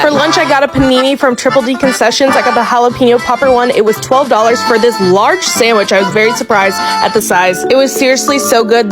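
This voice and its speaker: A woman with a slightly high voice gives an upbeat, enthusiastic food review. Loud music plays under her narration.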